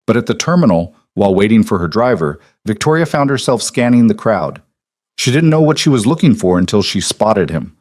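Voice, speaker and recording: A man narrates a scripted story in a calm, measured voice. His pitch sits on the low side. The recording is dry, with no room sound. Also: no room sound.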